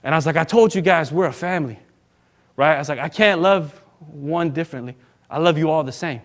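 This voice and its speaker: A man, a minister telling a personal story in a casual, animated sermon and acting out the other people in it. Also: on the high side, brisk.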